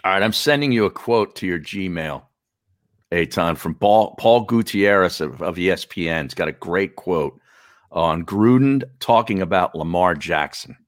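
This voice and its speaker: A man co-hosting a casual sports talk show, lively and quick to laugh, egging the others on. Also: deep voice, dry recording, studio quality.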